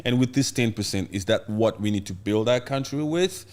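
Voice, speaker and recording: A man hosting a casual podcast, talking in an animated way and acting out playful mock scenes. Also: on the low side, normal speed. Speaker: podcast host.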